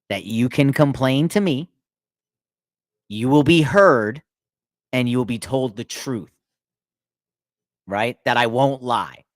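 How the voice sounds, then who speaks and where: A man telling stories about his past work in a casual chat, animated and laughing often. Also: no room sound. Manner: animated, laughs often, acts out inmates in a loud high voice. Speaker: podcast guest. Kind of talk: casual storytelling.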